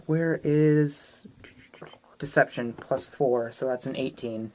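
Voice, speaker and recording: A woman's voice: rumbling low, slow, a little mellow, slight background noise. A woman playing a tabletop game, playful and laughing between rolls. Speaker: player. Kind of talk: casual tabletop play.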